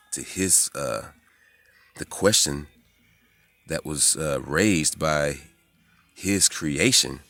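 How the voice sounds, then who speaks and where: A man in his forties, rambling excitedly and profanely in a casual monologue, jumping into high voices when he quotes people. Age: 40s. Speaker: spiritual vlogger.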